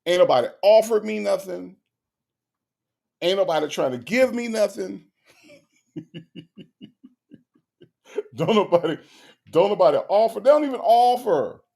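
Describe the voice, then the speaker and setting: A man's voice: unhurried, vocal fry, pauses often. A man hosting a casual livestream, reading viewers' chat messages aloud and ranting, often profane. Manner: animated, swings high in pitch when ranting, profane; reads chat comments aloud and greets viewers.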